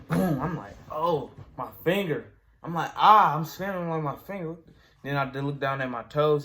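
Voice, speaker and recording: Guy telling a story on camera, slangy, acts out his screams, light hiss behind. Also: medium pitch. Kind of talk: casual storytime chat.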